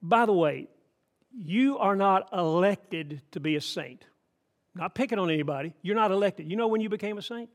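A man's voice: high-pitched, lively intonation, normal speed. An older man from Atlanta, preaching a sermon in a folksy, emphatic way with asides to the congregation. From Atlanta, Georgia. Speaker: pastor.

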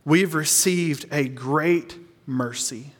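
Man, pastor, earnest sermon, slows for emphasis, reverberant hall. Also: fairly high pitch. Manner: earnest, slows down to stress key lines.

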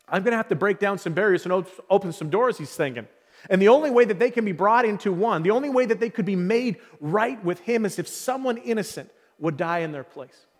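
A man's voice: high voice, big-room sound. A man preaching a sermon as pastor, earnest and growing emphatic as he presses his point. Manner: earnest, building to emphatic calls. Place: church hall.

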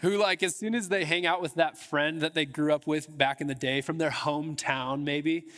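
A man's voice: a little high, fairly even intonation, normal speed, fairly bright tone. A man preaching a sermon to his church in a casual, chatty way, with frequent restarts and filler words. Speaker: pastor. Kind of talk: conversational sermon. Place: church sanctuary. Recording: long hall reverb in a church.

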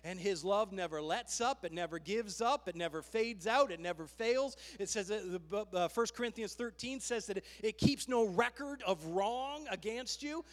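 High-voiced fervent preacher man. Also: moderate pace, few pauses, big-room sound. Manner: fervent, calls "come on" to the congregation. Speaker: pastor. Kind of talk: sermon.

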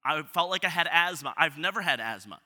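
A man's voice: on the high side, expressive, fairly quick, bright, forceful tone. A man in his thirties preaching a sermon, talking in a self-deprecating, conversational way with frequent restarts. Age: 30s. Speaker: pastor. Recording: reverberant hall.

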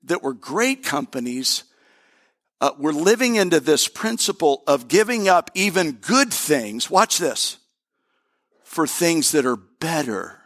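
A middle-aged man, a pastor, preaching a sermon in an animated way, repeating his phrases and talking straight to the congregation. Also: fairly high pitch, slow.

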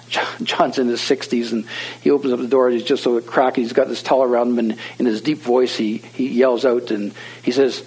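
A man's voice: mid-range voice, slightly rough, low-quality recording. A man preaching a sermon in a loose, conversational storytelling manner that is full of fillers and restarts.

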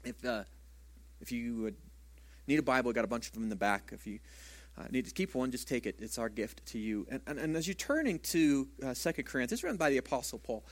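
A man's voice: medium pitch, expressive, quick pace. A man preaching a sermon as a pastor in a church, talking conversationally and asking the congregation rhetorical questions.

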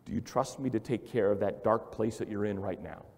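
A hushed, fatherly God , put on by a preacher, asks gentle questions over and over, low and soft. The voice trails into a long hall reverb. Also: brisk. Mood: gentle, pleading. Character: God speaking gently, a patient fatherly male voice.

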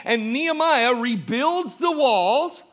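A man preaching a sermon, joking with the congregation and building from quiet asides to shouted emphasis. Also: extremely high pitch, animated, takes it slowly. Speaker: pastor.

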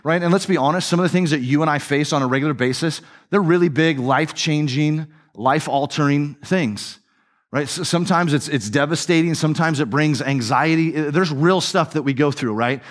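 A man's voice: on the high side, fairly quick. A man preaching as a pastor, with a conversational, storytelling manner that often checks in with "right?" and "okay?". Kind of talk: sermon.

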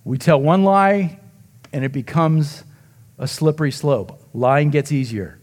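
Man preaching with dramatic hushes. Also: on the high side, measured pace. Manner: dramatic storytelling, dropping to a hush for emotional moments; acts out the quoted voices. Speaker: pastor. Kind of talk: sermon.

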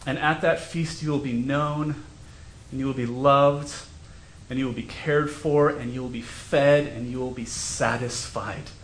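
A man's voice: medium pitch, steady tone, measured pace, roomy sound, a little hiss or hum. A male pastor preaching a sermon in a conversational, storytelling way. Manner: conversational, self-deprecating storytelling. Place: church sanctuary.

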